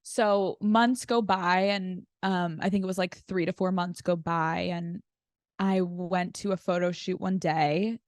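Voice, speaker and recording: A woman's voice: on the low side, steady tone, unhurried, dry recording, clean studio sound. A woman guesting on a podcast, telling a personal story in casual chat, filling her talk with "like". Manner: chatty storyteller with frequent "like" fillers.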